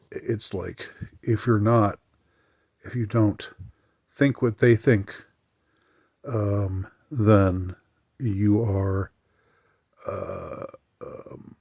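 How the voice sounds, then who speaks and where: Low, husky man talking in a halting way. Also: mellow, no echo, clean studio sound. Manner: halting, many fillers and restarts; reflective, mildly aggrieved. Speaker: podcaster. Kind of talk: casual monologue.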